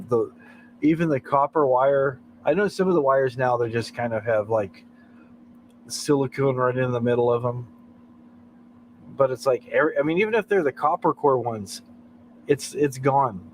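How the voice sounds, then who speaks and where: A man's voice: mid-range voice, a little hiss or hum, poor audio. Chuckling American man chatting on stream. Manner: rambling, chuckles often between thoughts. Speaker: livestream host. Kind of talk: casual chat.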